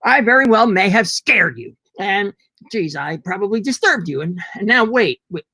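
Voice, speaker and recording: A man's voice: high-pitched, animated, moderate pace, bright, forceful tone, no echo. A man performing an agitated, profane comic rant alone at home into his laptop on a video call. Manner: agitated, profane, ranting to the camera. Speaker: monologue performer.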